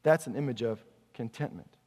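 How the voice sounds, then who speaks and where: A man's voice: mid-range voice, expressive, moderate pace, darkish tone. Man preaching in a reverberant hall. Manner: conversational preaching with rhetorical questions. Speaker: pastor. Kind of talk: sermon.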